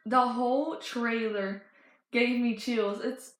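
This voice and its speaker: A woman's voice: a little high, steady tone, takes it slowly. Gushing teenage girl, echoey room. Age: teens. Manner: gushing, breathless storytelling with many fillers and restarts. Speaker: fan vlogger. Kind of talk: excited casual chat.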